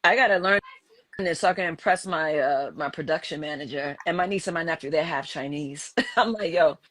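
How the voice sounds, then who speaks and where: A woman's voice: low voice, fairly quick, fairly bright tone, dry recording. A woman co-hosting a casual live stream, eager and encouraging as she talks.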